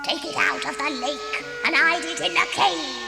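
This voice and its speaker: A woman voicing a furious male troll leader who screeches and shouts insults at his followers. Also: high voice, moderate pace, vocal fry, in a large hall, over music, voice pushed up.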